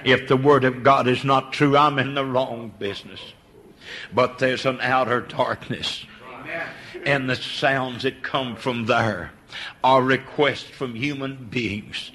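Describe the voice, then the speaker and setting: An older man preaching a sermon. He swings from a low hush to high, impassioned cries, repeating words and stumbling over restarts. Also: fairly even intonation, takes it slowly, background noise.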